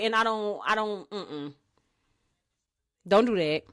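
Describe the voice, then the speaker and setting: A woman's voice: medium pitch, slow pace, fairly bright tone, smooth. A woman co-hosting a casual podcast chat, giving emphatic, preachy advice and often asking the listener for agreement. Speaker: podcast co-host.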